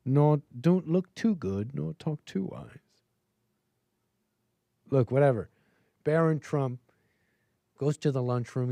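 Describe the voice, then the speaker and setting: A man's voice: medium pitch, dark tone, no echo. A male talk show host casually reading an article aloud and breaking off for sarcastic, mocking asides, with frequent chuckles.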